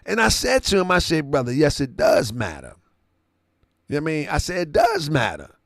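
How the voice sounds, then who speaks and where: A man's voice: fairly high pitch, wildly swooping pitch, normal speed, creaky, fairly bright tone, dry recording. A man hosting an online talk show, casually retelling a conversation and often checking that the listener follows. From Baltimore area. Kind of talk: casual storytelling commentary.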